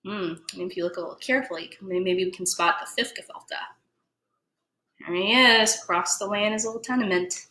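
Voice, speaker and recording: A woman museum educator reading a children's story aloud, playful and animated, explaining words as she goes. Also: mid-range voice, fairly quick, a little hiss or hum. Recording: echoey room.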